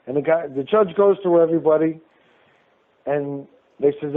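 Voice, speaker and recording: A man, an interview guest, telling lively anecdotes and acting out each person's lines. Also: on the high side, normal speed. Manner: animated storyteller who acts out each person's lines. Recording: phone-line call-in audio.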